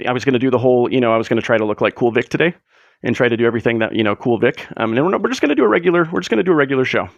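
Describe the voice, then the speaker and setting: Male streamer, casual chat, sarcastic rambler with a lively, gravelly voice, dry close sound. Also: mid-range voice, dry recording, highs cut off. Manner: joking, rambling, sarcastic asides. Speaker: livestream host. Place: room at home.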